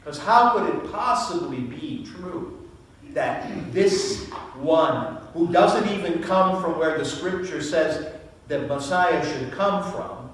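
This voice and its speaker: A priest delivers a sermon in an unhurried, deliberate way, pausing on rhetorical questions. He is recorded from across the sanctuary, with heavy echo and a faint hum of room ambience behind him. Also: fairly high pitch, expressive. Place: church sanctuary. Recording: very echoey church from far off.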